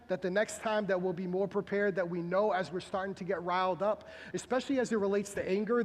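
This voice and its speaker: A man's voice: fairly high pitch, long reverb tail. A man preaching a sermon as pastor, earnest and exhorting, repeating questions for emphasis. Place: church sanctuary.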